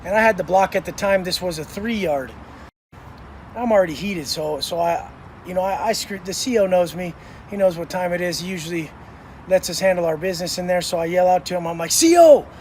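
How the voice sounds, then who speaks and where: A man's voice: high-pitched, steady tone, brisk, a little hiss or hum. A man telling prison stories in an intense, blunt monologue, swearing heavily. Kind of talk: profane storytelling monologue.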